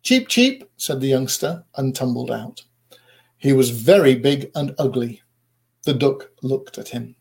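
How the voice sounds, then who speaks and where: A man reading a storybook aloud in a measured, expressive narrating manner. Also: medium pitch, creaky.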